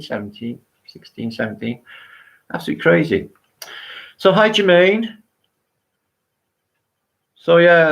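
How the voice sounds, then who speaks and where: A middle-aged man talking straight to his live-stream viewers in a somewhat low voice. He is excitable and chatty, swears freely and breaks into laughter, and sounds worn out after a long walk. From Wales. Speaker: livestream host. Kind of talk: rambling live-stream monologue.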